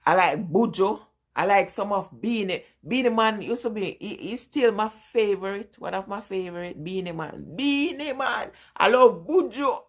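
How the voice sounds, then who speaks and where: A woman's voice: mid-range voice, moderate pace. A middle-aged Jamaican woman with a strong Jamaican accent, chatting casually and rambling as she answers viewers in a live vlog. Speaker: vlogger.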